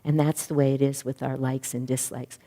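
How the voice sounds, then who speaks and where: Woman, middle-aged, spiritual teacher, earnest and reflective, mellow low voice. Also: fairly quick. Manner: earnest, reflective, lively when retelling stories. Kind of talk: spiritual class talk. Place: class room or hall. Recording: long reverb of a hall.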